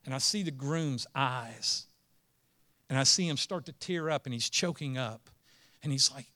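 A man preaching a sermon as pastor, moving between quiet storytelling and earnest, emphatic declarations. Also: medium pitch, measured pace.

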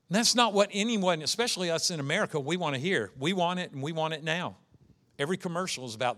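A man's voice: fairly high pitch, animated, a little fast, fairly bright tone. A man preaching an earnest sermon as pastor, acting out the voices he quotes.

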